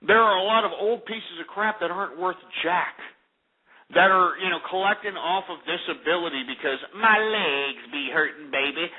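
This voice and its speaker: A man's voice: high-pitched, normal speed. Abrasive ranting male radio host. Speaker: radio talk show host. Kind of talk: call-in radio rant. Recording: lo-fi phone-like radio audio.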